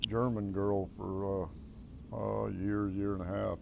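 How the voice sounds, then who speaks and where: An older American man chatting casually while playing a game, with a folksy, halting drawl. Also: on the low side, level tone, gravelly, highs cut off, noisy background. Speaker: gaming streamer.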